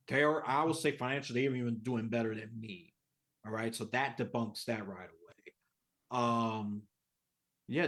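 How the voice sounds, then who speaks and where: A man with a New York accent, a podcast guest talking in a casual, animated way, going from soft to loud. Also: medium pitch. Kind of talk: casual interview chat.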